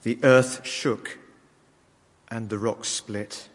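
A man reading scripture aloud in a measured, solemn way. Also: lowish voice, fairly even intonation, big-room sound. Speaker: scripture reader. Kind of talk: liturgical Bible reading.

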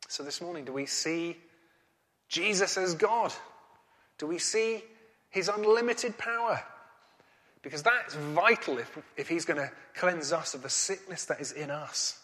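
Earnest preacher in a reverberant hall. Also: male voice, on the high side, lively intonation, unhurried, sharp tone. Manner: earnest, rising to emphatic questions. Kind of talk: sermon.

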